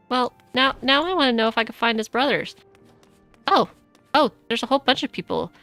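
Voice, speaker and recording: Woman streamer, casual excitable chat, higher voice, close dry mic, faint game music. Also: brisk, no echo. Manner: chatty, lots of 'like', excitable. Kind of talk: casual gameplay commentary.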